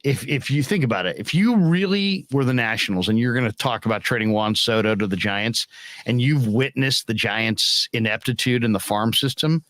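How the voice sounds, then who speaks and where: A man's voice: mid-range voice, moderate pace, a bit bright, dry recording. A man hosting a baseball post-game talk show, giving opinionated analysis in a casual way. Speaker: sports talk show host.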